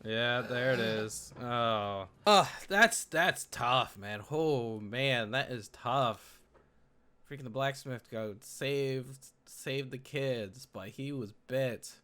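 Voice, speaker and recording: Excitable man reacting to a TV episode. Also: medium pitch, takes it slowly, clear, resonant tone. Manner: excitable, loud outbursts and repeated exclamations. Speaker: reaction video host. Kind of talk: casual reaction commentary.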